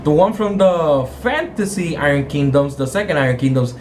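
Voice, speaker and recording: A game master with a slightly high, a little mellow voice casually retells a tabletop game session at normal speed. He's animated, rambling and correcting himself as he goes, and acts out the characters' quotes. There's slight background noise.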